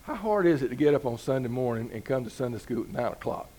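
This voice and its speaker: A man's voice: medium pitch, expressive, quick pace, mellow. A man preaching a sermon in a folksy, conversational way, building to emphatic peaks. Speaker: pastor.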